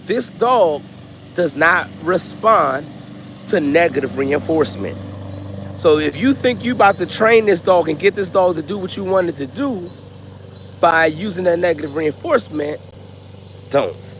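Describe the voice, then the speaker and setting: A man vlogging, telling stories in a loose, animated way and acting out voices. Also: a little high, slight background noise. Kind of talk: casual storytelling.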